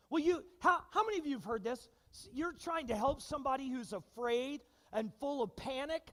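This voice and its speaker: A man preaching a sermon as pastor, animated and engaging his congregation with questions and acted-out quotes. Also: extremely high pitch, in a large hall. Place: church sanctuary.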